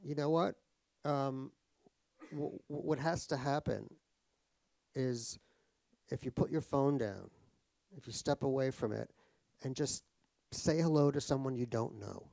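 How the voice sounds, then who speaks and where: With long pauses and an unhurried pace, an American author on a cultural center stage tells anecdotes laced with wry, profane, self-deprecating humor. His medium-pitched voice has vocal fry and a mellow quality, and there is no room sound.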